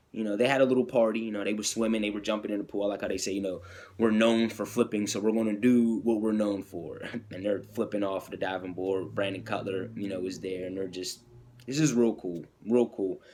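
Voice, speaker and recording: A man's voice: brisk, darkish tone. A man hosting a podcast, chatting casually and enthusiastically through a wrestling recap, full of fillers and restarts. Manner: acts out quotes in a higher voice. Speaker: podcast host.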